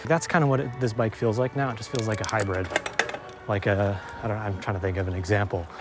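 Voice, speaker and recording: Over music, a young man with a lowish, steady voice talks quickly while biking along forest trails. His casual vlog commentary is breathless, sweary, and self-deprecating about his skill.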